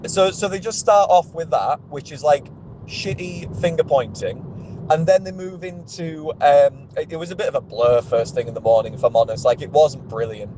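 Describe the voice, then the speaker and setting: A man's voice: on the high side, normal speed, background noise. Sweary man ranting. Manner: exasperated, sweary, rambling with restarts. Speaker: car sales executive. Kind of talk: ranting vlog monologue.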